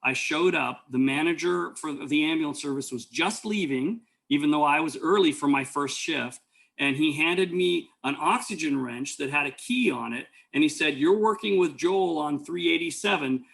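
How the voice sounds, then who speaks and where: A man's voice: fairly high pitch, moderate pace, gravelly, a bit bright. A man teaching an EMT class, telling rambling stories full of fillers and restarts. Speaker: EMT instructor. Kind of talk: lecture with personal stories.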